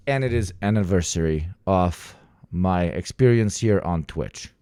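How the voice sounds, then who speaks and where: A young adult male streamer chatting casually with his viewers, swearing freely and swinging from exaggerated outbursts to low mutters. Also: measured pace, dark tone, clear, resonant tone, no room sound, studio quality. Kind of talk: casual live stream chat.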